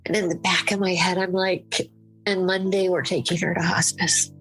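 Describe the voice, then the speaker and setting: A woman's voice: on the low side, level tone, moderate pace, fairly bright tone, soft background music, poor audio. An older woman, an interview guest, speaking candidly about her late mother, laughing through tears now and then. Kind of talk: emotional conversational interview.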